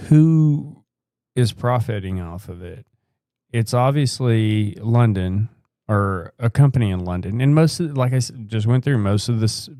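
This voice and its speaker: A man's voice: on the low side, dark tone, no echo, clean studio sound. An American man co-hosting a live podcast, rambling through opinions with casual swearing. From United States. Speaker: podcast co-host.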